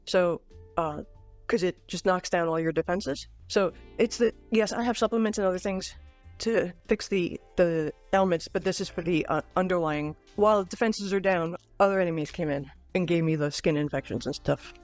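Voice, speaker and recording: A woman's voice: fairly low pitch, normal speed, a little mellow, soft background music. A woman in her forties co-hosting a podcast in casual, jokey chat, laughing often and poking fun at herself. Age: 40s. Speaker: podcast co-host.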